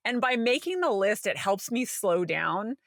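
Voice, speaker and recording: Woman co-host, chatty and animated, mid-pitch, recorded dry and close. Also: measured pace, vocal fry, no echo. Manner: animated storytelling, acting out quoted voices. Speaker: podcast co-host. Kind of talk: casual podcast chat.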